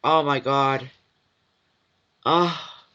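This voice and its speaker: A man giving a live intuitive reading, emotional and awed, halting and restarting as he talks. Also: medium pitch, fairly even intonation, pushed and bright, muffled recording. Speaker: intuitive card reader.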